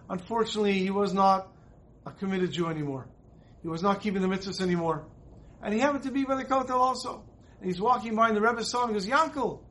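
A man's voice: high-pitched, fairly bright tone. A man teaching a Torah class, telling a story earnestly and often repeating his words. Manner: earnest, repeats phrases as he narrates.

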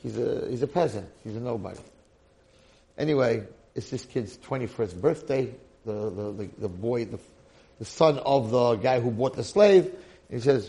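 A man giving a Torah lecture who tells a story in an animated, colloquial way. His voice is gravelly, with a middle pitch. He keeps checking in with his listeners as he goes. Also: moderate pace, a little hiss or hum.

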